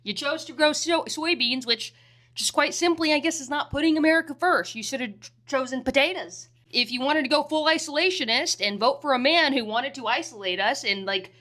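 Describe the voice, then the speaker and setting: A woman's voice: sits high, fairly quick, bright, forceful tone. A woman giving sarcastic political commentary in a scornful, mocking manner.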